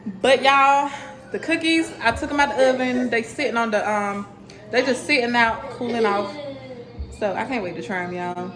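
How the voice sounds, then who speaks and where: A woman's voice: on the high side, moderate pace, music in the background. A young woman, chatting casually to viewers as a cooking vlogger. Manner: chatty, addresses viewers as y'all. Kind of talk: casual vlog chat.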